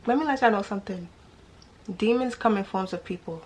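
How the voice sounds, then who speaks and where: Animated young woman telling a story. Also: mid-range voice, normal speed, long pauses, noisy background. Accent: New York. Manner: animated, slangy, rhetorical questions to viewers. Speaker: vlogger telling a dating story. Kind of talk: casual storytime chat.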